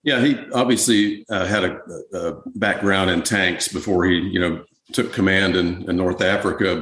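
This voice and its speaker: Male guest historian, low voice, easygoing interview talk, echoey room. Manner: relaxed, conversational, many fillers. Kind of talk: podcast interview answers.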